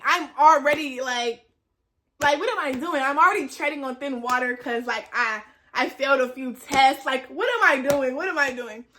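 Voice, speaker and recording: Bright, high-voiced young woman telling a story. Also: a little hiss or hum. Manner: animated, acts out the voices of others; chatty, repeats phrases for emphasis. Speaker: vlogger, flight attendant. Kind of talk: casual storytelling.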